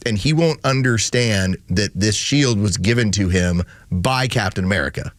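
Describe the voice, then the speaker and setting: A man's voice: lowish voice, normal speed, dry recording. A man co-hosting a morning radio show, eagerly explaining movie lore in casual banter. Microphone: studio microphone.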